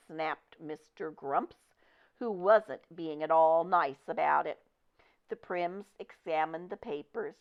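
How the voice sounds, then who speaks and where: A woman reading a children's picture book aloud with expressive, deliberate storytelling. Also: low-pitched. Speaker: storybook reader. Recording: dull lo-fi recording.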